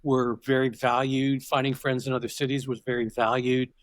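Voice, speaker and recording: A level-toned, mid-range voice at a moderate pace belongs to an older man guesting on a podcast. He tells stories in a reflective, digressive conversational style, frequently starting sentences again, and the recording has no room sound.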